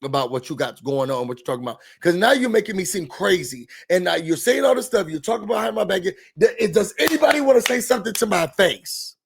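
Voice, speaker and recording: A woman's voice: mid-range voice, animated, quick pace, creaky, hardly any pauses, husky. A man voicing an indignant young woman who talks in an exasperated, confrontational way, as part of a recap.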